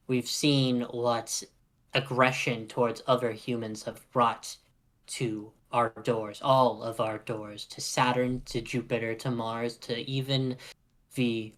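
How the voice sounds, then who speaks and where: An earnest young woman officer addresses the press in a tabletop role-play game, voiced by a man. She speaks in measured, deliberate phrases. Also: mid-range voice, a bit bright.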